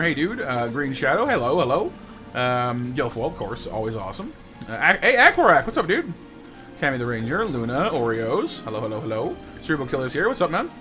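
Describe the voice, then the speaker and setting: A man streaming a game live, telling a rambling story and greeting his chat with lots of stammered restarts. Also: medium pitch. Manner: chatty storyteller, repeats words when starting sentences.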